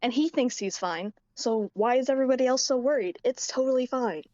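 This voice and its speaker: Female player, chatty, higher voice, dull lo-fi line. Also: fairly quick, darkish tone, no echo. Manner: thinking aloud, chatty. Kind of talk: describing her character's thoughts in a tabletop game.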